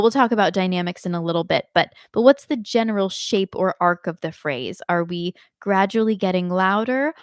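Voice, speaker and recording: A woman giving a live online singing lesson, explaining clearly and demonstrating phrases by speaking and singing them. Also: mid-range voice, no room sound, clean studio sound. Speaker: singing teacher.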